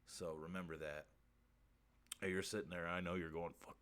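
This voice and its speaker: A man hosting a crude comedy stream show, reading odd facts and pleading with viewers in a deadpan way. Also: deep voice, moderate pace. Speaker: host.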